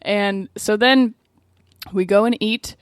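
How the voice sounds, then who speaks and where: Animated laughing woman telling a story. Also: mid-range voice, slow pace, no echo, clean studio sound. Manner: animated, laughs often, swears freely. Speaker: podcast co-host. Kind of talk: casual storytelling chat.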